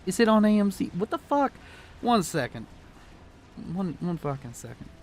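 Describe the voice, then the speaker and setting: A young man casting a strategy video game, excitable and joking, swearing freely as he reacts to the action. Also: sits high, normal speed, slight background noise. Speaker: game caster. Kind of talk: casual profane game commentary.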